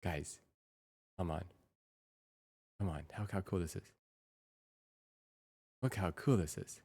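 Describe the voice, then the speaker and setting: A young adult woman livestreaming in casual chat, excitable and quick to repeat herself in bursts. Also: extremely low pitch, husky.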